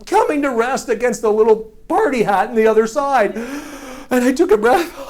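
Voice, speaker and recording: A man telling a personal childhood story in an animated, self-mocking way, often laughing as he talks. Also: very high voice, moderate pace.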